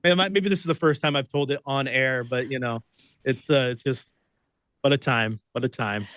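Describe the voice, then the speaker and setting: The recording is dry, and the man speaks at normal speed in a mid-range voice. He's a radio producer and host from Oregon telling a story as a guest, excitable and laughing often as he acts out voices in this animated storytelling.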